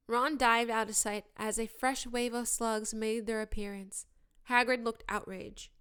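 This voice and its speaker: A woman narrating an audiobook chapter in a steady, even reading voice. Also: a little high, unhurried, clean tone. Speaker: audiobook reader.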